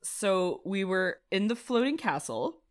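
A woman's voice: medium pitch, sing-song. A woman player recapping a tabletop game in casual chat, rambling and swearing freely. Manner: swearing, rambling, quick asides.

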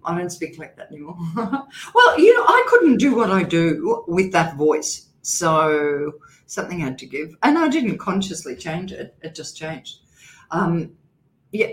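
Emphatic Australian woman, roomy sound. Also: fairly low pitch. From Queensland, Australia. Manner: emphatic, animated, repeats points for force. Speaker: guest expert on communication. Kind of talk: podcast interview. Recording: roomy echo.

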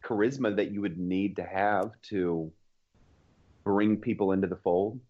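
Low-voiced American man, dry humor. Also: fairly even intonation, measured pace, lo-fi sound. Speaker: podcast co-host. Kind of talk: casual chat, storytelling.

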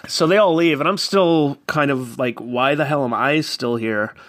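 A man in his thirties from New York telling a casual, animated personal story and acting out quoted voices. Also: medium pitch, moderate pace, no room sound. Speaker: guest storyteller. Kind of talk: casual anecdote.

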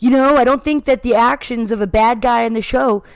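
Profane, fast-riffing woman podcast host. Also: fairly high pitch, clear, resonant tone, no echo. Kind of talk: casual chat.

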